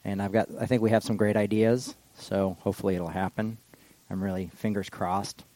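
A man preaching a casual, rambling sermon that slows for solemn readings. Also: lowish voice, level tone, warm tone, no echo, rough recording. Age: adult with children. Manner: casual and digressive, slows down for quotations. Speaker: pastor. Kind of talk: informal sermon.

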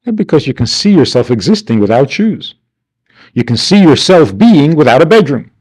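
A man's voice: fairly high pitch, sing-song, normal speed, a little mellow, breathy edge. A man teaching a class, asking rhetorical questions and answering them himself with wry, mock-indignant asides. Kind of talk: class lecture.

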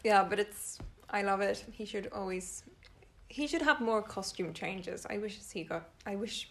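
A woman's voice: medium pitch, a little slow, fairly bright tone, slight background noise. A woman co-hosting a podcast, chatting casually in a playful way and laughing easily. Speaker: podcast co-host. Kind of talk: casual chat.

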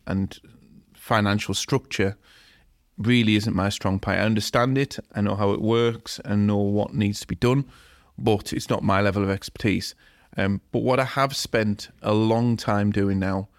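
A man hosting a solo podcast, talking in a casual, frank, rambling way with a croaky voice from a recent illness. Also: fairly low pitch, no echo, clean studio sound. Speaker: podcast host.

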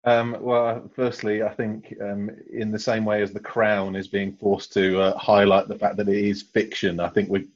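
Low-voiced man, hesitant, um-heavy, lo-fi podcast. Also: monotone, moderate pace, hardly any pauses. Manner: hesitant, lots of ums, chuckling. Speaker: podcast panelist. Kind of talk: casual panel chat.

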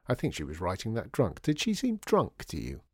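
A man's voice: fairly low pitch, wildly swooping pitch, brisk, no echo. A man reading a storybook voices a dry, sardonic father who mutters wry remarks.

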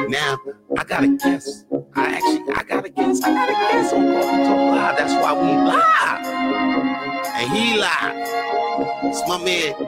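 A man hosting a casual live podcast, talking in a slangy, profane, hyped-up motivational way. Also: medium pitch. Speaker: podcast host.

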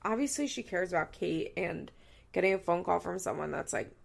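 A woman in her thirties hosts a recap podcast with a heavily gravelly, fry-laden voice. She sounds tearful yet blunt, swearing freely and doubling back on her own sentences. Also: on the low side, lively intonation, fairly quick. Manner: blunt and profane, rambling with self-corrections. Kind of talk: candid casual chat.

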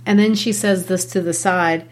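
A woman teaching a literature lesson, animated and enthusiastic, with quick asides. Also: lowish voice.

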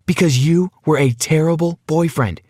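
A man voicing a vengeful, scornful young woman in a narrated story, speaking with a husky tone. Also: on the high side, normal speed, a little mellow, dry recording, clean studio sound, voice pushed up, natural voice. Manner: contemptuous, snapping.

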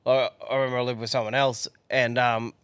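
A man's voice: medium pitch, little pitch movement, fairly quick, a bit bright, clean tone, dry recording. An Australian man co-hosting a podcast, chatting bluntly and swearing casually. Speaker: podcast co-host. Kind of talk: casual chat.

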